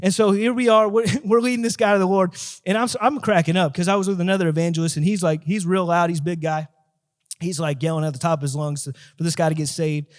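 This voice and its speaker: A man's voice: high-pitched, fairly even intonation, fast. A man, an evangelist, telling a street-ministry story as a guest, talking in an emphatic, repetitive, preaching way. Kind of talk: testimony told in an interview.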